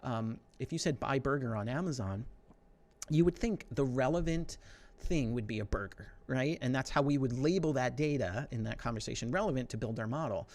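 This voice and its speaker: A middle-aged man giving a conversational tech presentation, with lots of fillers and quick asides. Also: mid-range voice, a little mellow. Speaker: conference speaker.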